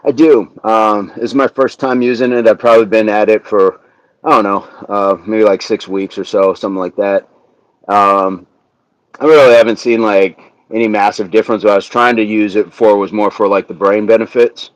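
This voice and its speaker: This fitness livestream host in California talks at a moderate pace in a low, fairly even voice, chatting casually, laughing readily and reading out viewer comments. He is an American from the US South who was raised in the Midwest. The audio is poor, though there's no room sound.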